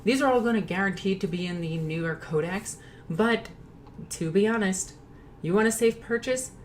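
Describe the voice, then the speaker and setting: A woman's voice: medium pitch, normal speed, a little hiss or hum. A woman hosting her own channel in casual hobby commentary, chatty and joking, often stopping to correct her own slips. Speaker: YouTube host.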